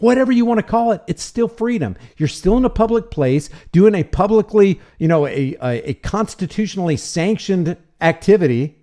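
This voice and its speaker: A man's voice: high-pitched, animated, moderate pace, few pauses, mellow. A man hosting a commentary channel, reacting to a video with indignant, sarcastic remarks and rhetorical questions.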